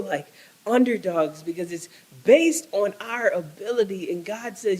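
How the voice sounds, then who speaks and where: A man's voice: high voice, expressive, measured pace, darkish tone, slightly rough, low-quality recording. A male pastor preaching a sermon, emphatic and repetitive, restarting phrases as he builds.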